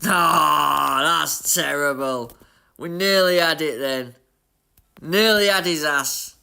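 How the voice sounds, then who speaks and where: A man from Yorkshire, with a bright, forceful voice sitting a little high, commentates his racing game live. He is chatty and excitable and keeps talking to his viewers. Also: slow pace, vocal fry, clear, resonant tone. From Leeds, Yorkshire, England. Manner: excitable, chatty, talks to chat. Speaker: gaming streamer.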